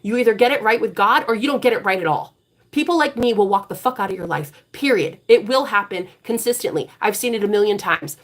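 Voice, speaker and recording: A woman hosting a live tarot reading stream, talking bluntly with a lot of profanity and turning preachy and forceful when she drives a point home. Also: medium pitch, lively intonation, fast. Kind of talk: casual live-stream talk.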